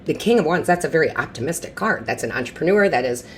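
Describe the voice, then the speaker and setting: A woman with a deep, low voice gives an intuitive tarot reading. She speaks in a chatty, reassuring way, repeating phrases to drive them home and often restarting her sentences. A faint hiss sits under her voice. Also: expressive, fast talker. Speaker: tarot reader.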